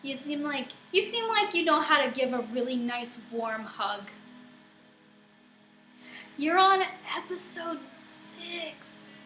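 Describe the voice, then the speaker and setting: A woman's voice: high voice, expressive, slow pace, sharp tone. Giggly young woman streaming from her kitchen. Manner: giggly, laughs often. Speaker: live streamer. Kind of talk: casual live-stream chat answering viewers. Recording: roomy echo with faint music.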